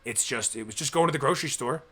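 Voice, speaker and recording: A man's voice: medium pitch, fast, bright, forceful tone, slightly rough. A young man co-hosting a casual podcast, talking earnestly and at length, acting out people's inner thoughts as he goes. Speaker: co-host.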